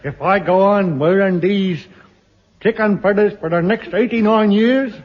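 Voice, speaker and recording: A man's voice: high-pitched, measured pace. An actor playing a dim-witted male hermit covered in feathers, in a 1950s radio comedy. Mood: dopey. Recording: muffled old radio broadcast, loud studio audience and hiss.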